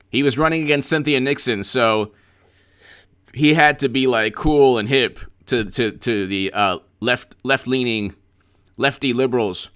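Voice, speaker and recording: A man's voice: mid-range voice, unhurried, a bit bright, clean tone. A man hosting a political commentary livestream, talking in a sarcastic, rambling way with stammered repeats.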